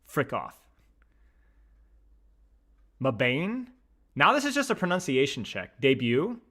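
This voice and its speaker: Taking it slowly, a young male streamer sounds out words during a casual pronunciation chat. His voice is bright and forward, his pitch jumps all over, and he often breaks into mock outrage, keeping the talk loose and lively instead of scripted.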